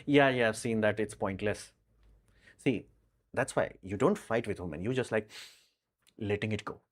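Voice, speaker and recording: A man's voice: lowish voice, normal speed. A man hosting a casual live stream, answering viewer questions in a frank, rambling way full of fillers.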